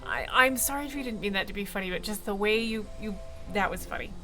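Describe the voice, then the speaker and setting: A woman's voice: mid-range voice, fast talker, hardly any pauses, bright, forceful tone, faint music behind. Rambling, self-deprecating woman streamer. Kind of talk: casual gameplay chat.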